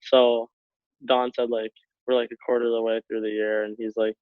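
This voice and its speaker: Young man, from Canada, relaxed storyteller, laughs a lot, tinny phone line, dry sound. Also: mid-range voice, moderate pace, long pauses, dry recording. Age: young adult. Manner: laughs often while telling stories, relaxed, filler-heavy. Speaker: guest, hockey player. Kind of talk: casual storytelling. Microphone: call over internet.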